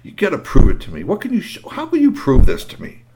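A man voicing an eager, boastful teenage boy who pleads and crows in a high voice. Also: wildly swooping pitch, fast, background noise. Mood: pushy.

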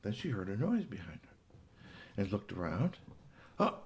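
A man's voice: lowish voice, very animated, normal speed, slight background noise. A man improvising a children's story about a cat, rambling along with fillers and little gasps.

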